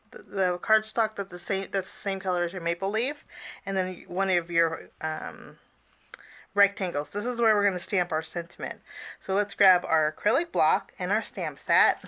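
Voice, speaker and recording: A woman's voice: mid-range voice, unhurried, pushed and bright. A woman teaching a casual cardmaking tutorial, chatty, with personal asides and frequent fillers.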